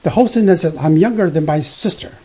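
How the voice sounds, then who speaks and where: A man teaching beginner Mandarin from slides, explaining slowly and haltingly with many fillers, and reading example sentences tone by tone. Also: fairly high pitch, dark tone, husky. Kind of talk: slide-based language lesson.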